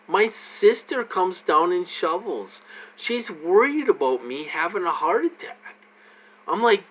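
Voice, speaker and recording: A man's voice: high voice, big pitch swings, measured pace, fairly bright tone, poor audio. A man in his forties venting in a personal vlog, repeating himself, agitated and full of restarts and fillers. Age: 40s. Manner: agitated, repetitive ranting. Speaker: vlogger.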